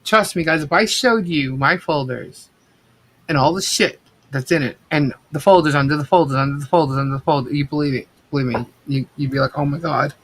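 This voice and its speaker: A woman's voice: low voice, brisk, husky. A woman co-hosting a casual livestream, talking bluntly and at length, with frequent swearing and restarts. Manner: blunt, rambling, swears freely. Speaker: co-host of a livestream.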